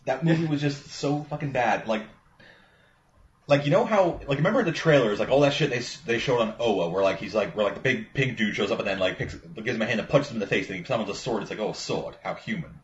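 A man's voice: mid-range voice, animated, quick pace. A man in casual movie chat, rambling and profane, with lots of "like" fillers. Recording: roomy, muffled recording with faint ambience.

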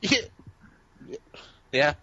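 A man's voice: drawn-out words, sharp tone, a little hiss or hum. A man co-hosting a casual chat about TV shows, telling rambling, profane stories. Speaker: podcast co-host. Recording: dull lo-fi sound.

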